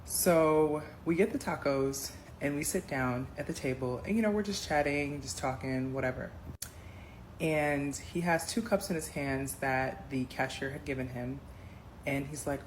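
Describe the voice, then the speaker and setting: Low-voiced woman telling a storytime. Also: measured pace, a little hiss or hum, poor audio. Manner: animated, addresses viewers as y'all. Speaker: storyteller in a clip. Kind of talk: casual storytime.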